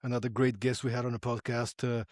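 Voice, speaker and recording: A man's voice: medium pitch, little pitch movement, fast, darkish tone, no echo, clean studio sound. A man hosting a podcast, chatting in a playful, upbeat way and acting out little voices in his stories. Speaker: podcast host. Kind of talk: conversational interview.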